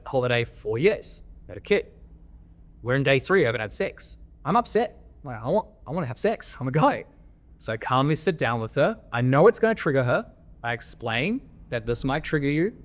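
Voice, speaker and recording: A man's voice: mid-range voice, expressive, brisk. A man from Australia, a podcast guest and men's coach telling candid stories in a blunt, coaching tone and swearing freely. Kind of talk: candid interview storytelling.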